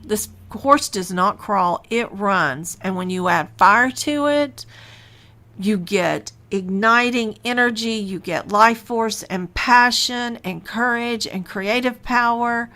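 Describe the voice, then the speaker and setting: A woman hosting a reflective spiritual podcast, talking in an unhurried, musing way with sighs and soft laughs. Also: a little high. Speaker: podcast host and spiritual teacher.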